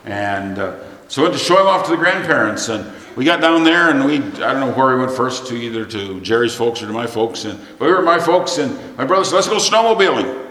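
A man's voice: mid-range voice, animated, fairly quick, fairly bright tone. Middle-aged preacher guy, plain folksy storytelling, long reverb from the room. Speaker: pastor. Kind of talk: sermon. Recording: echoey hall, long reverb.

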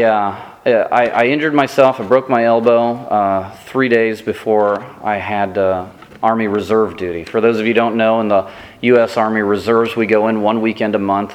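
A man preaching a sermon as pastor, telling self-deprecating stories in a lively, animated way. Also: fairly low pitch, in a large hall.

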